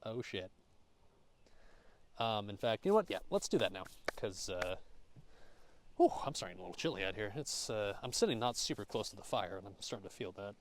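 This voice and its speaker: A man's voice: on the low side, sing-song, fairly quick, pauses often. A young American man casually chatting and cooking at an outdoor campground, joking, swearing loosely and thanking his chat. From United States. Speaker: streamer.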